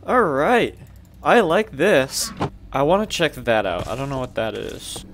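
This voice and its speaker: A man's voice: a little high, lively intonation, unhurried, a bit bright, slight background noise. A young man commentating his own horror gameplay, jumpy and swearing, with panicky outbursts. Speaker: gaming youtuber.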